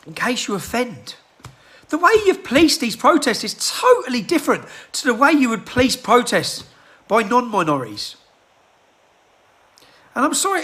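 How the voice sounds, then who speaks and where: A man delivering an agitated rant into his handheld phone, firing off rhetorical questions and clearing his throat. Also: extremely high pitch, pushed and bright. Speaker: political activist. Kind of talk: impassioned rant to a phone camera.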